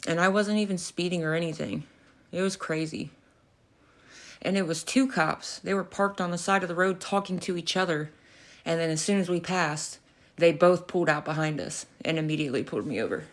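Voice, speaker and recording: A young woman on a casual livestream with a slightly low voice. She tells her story with animated energy, curses freely and laughs often, sounding a little out of breath. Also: a little fast. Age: young adult.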